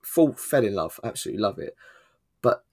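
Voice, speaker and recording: A man co-hosting a casual podcast, relaxed, dropping into quiet asides. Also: on the low side, a little fast, husky. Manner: relaxed, drops to quiet asides, says mate. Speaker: podcast co-host. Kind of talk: casual chat.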